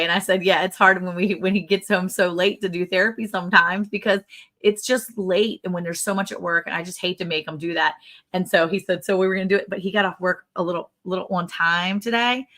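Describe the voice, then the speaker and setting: Woman, middle-aged, lowish voice, rambling livestream chat, laughs a lot. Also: fairly even intonation, brisk, a bit bright. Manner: chatty and rambling, laughs often. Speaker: livestream co-host.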